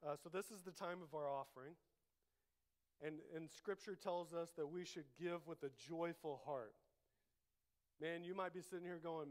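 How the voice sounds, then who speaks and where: Guy pastor preaching in church, kinda high voice, punchy and repetitive, gets folks to say stuff back. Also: normal speed. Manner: emphatic, repeats lines for the congregation to echo. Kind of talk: sermon.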